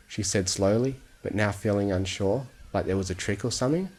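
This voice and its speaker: A man with a somewhat low voice reading a story aloud for sleep. His delivery is calm and steady, made for lulling listeners to rest. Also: brisk, few pauses. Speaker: fan fiction reader.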